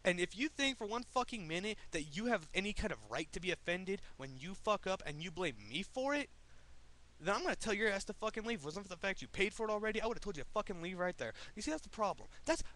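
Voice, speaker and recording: A young man from the United States rants heatedly in a vlog, swearing freely and picking fights with his audience. His voice sits a bit high for a man and swings widely in pitch as he gets worked up. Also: expressive, fast talker, pushed and bright. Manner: profane, confrontational, heated. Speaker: vlogger. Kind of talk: angry political rant vlog.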